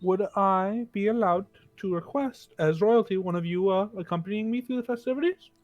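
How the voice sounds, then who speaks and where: A man's voice: high-pitched, moderate pace, dry recording, highs cut off, lightly acted. A man voicing a curious, courteous young male royal with a slightly teasing manner.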